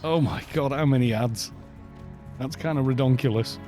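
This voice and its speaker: Mellow-voiced man with softened Welsh accent. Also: mid-range voice, moderate pace, soft background music. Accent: mixed British with softened Welsh. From Wales. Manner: chatty, laughs often, grumbles at other players. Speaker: gaming live-streamer. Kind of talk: casual live-stream chat while playing.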